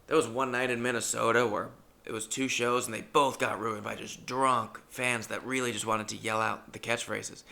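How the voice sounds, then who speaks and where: A stand-up comedian telling stories in a casual, rambling way and swearing freely. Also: male voice, mid-range voice, little pitch movement, normal speed, gravelly, sharp tone. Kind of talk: casual storytelling monologue.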